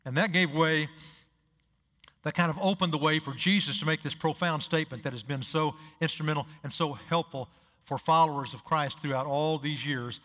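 A male pastor preaches a sermon at a moderate pace, his fairly bright, higher voice echoing in a large room. He tells stories, acts out the dialogue, and builds up to emphatic peaks.

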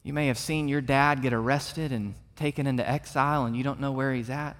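A man's voice: mid-range voice, fairly even intonation, brisk. A man preaching a sermon as pastor to his congregation, earnest and building to emphatic peaks. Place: church sanctuary. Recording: long reverb of a large hall.

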